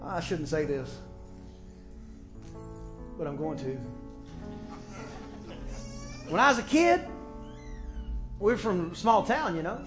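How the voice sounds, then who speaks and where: Middle-aged male pastor, high bright voice, preaching with shouted peaks, music behind. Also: sing-song, a little slow, pauses often. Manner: preaching with sudden shouted peaks and storytelling asides. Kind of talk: sermon. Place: church.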